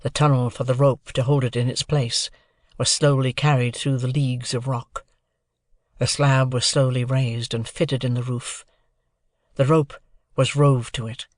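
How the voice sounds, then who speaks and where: Measured audiobook narrator, dry sound. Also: medium pitch, flat delivery, no echo. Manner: measured, formal, literary.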